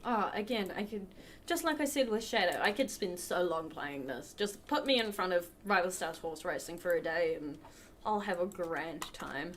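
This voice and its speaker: A woman with a lowish, expressive voice and a slightly bright tone talks at a normal speed, with slight background noise. She's the host of a charity livestream, casually commenting on her game and chatting with viewers as she plays.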